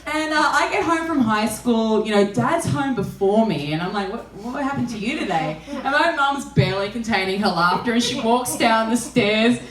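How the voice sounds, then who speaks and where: A woman's voice: a little high, moderate pace, hardly any pauses, a crowd in the background. A woman telling crude, self-deprecating stories in a live comedy set, often laughing through her lines. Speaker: stand-up comedian. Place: small live performance venue. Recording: roomy live room, far from mic, audience noise. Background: audience laughing and reacting.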